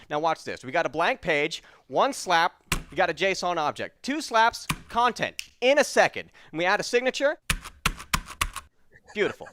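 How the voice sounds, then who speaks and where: A man voicing a loud, hard-selling infomercial pitchman with a New York accent. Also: no echo, studio quality. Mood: hyped. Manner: hard-selling, punchy, over-the-top. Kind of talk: parody infomercial.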